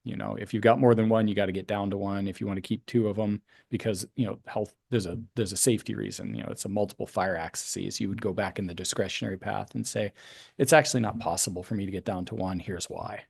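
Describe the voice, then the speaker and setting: A man with a low, gravelly voice walks a commission through policy options, pausing and rephrasing as he thinks. The sound is dry and close, with no room around it. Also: fairly even intonation, darkish tone, no echo. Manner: explanatory, thinking aloud with fillers. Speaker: county planning staff member. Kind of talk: public meeting remarks.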